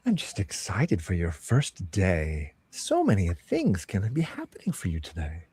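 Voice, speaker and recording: A man's voice: deep voice, huge pitch swings, unhurried, a little mellow, slightly rough, dry recording, heavily acted. A man voicing an unseen figure who speaks through a magic earring, upbeat and encouraging. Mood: cheery.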